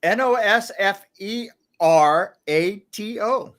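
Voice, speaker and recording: A male co-host chats easily and reacts with wry remarks. His pitch rises and falls in a lively, animated way. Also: slow. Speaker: podcast co-host. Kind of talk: casual podcast banter.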